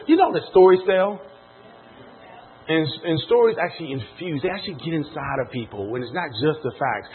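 A man telling a story to a live audience as a motivational speaker, animated and acting out the people in it. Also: a little high, narrow, tinny audio. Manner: animated storyteller, acts out quoted voices.

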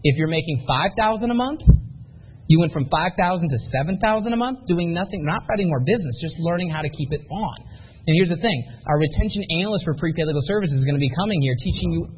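A man giving an energetic sales pep talk at a live seminar, firing rhetorical questions at the audience. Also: a little high, fast talker, slightly rough, narrow, tinny audio. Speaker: motivational business speaker.

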